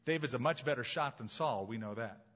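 A man preaching a sermon as pastor, emphatic and slowing down to stress key phrases. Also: mid-range voice, a bit bright, muffled recording.

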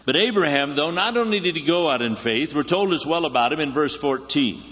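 A man's voice: a little high, animated, brisk, fairly bright tone. A man preaching a sermon as a guest speaker, conversational and joking, often asking the congregation questions. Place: church sanctuary. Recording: echoey church hall, slightly dull sound.

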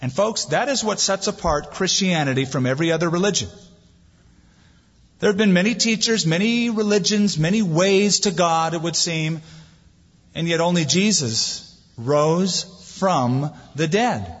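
Husky-voiced pastor preaching in a hall. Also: male voice, sits high, expressive, unhurried. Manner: preaching with rising emphasis, reading scripture aloud. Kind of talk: sermon. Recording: dull lo-fi sound with long hall reverb.

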